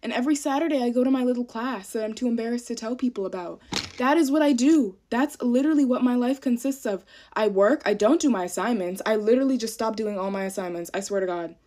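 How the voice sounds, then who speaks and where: A woman's voice: fairly high pitch, fast talker, mellow. A young woman, a college student, in a profane, self-deprecating rant to camera while getting ready. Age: young adult.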